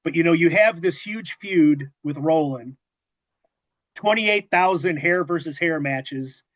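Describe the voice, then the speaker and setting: A man with a somewhat high voice hosts a relaxed interview, chatting and teasing his guest. His voice sounds dry and a little dull, like a lo-fi recording. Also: measured pace, no room sound. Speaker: podcast host. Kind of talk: casual interview chat.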